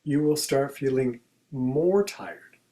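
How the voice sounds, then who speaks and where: A man giving a contemplative spiritual talk in a conversational way, acting out everyday examples as quoted speech and going soft and quiet on key phrases. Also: medium pitch, slow, poor audio. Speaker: spiritual teacher and speaker.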